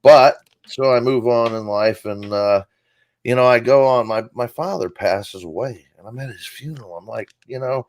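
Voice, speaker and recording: A man's voice: mid-range voice, normal speed, no echo. A man telling a rambling, profane comic story on a casual talk show. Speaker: guest comedian.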